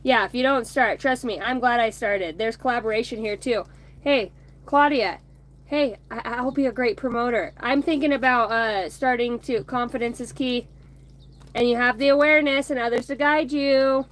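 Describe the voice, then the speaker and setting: By a home bonfire, a thirties-aged oracle card reader streams to viewers on her phone in a casual, rambling chat full of swearing and laughter. Her voice is a little high, with fairly even intonation and normal speed.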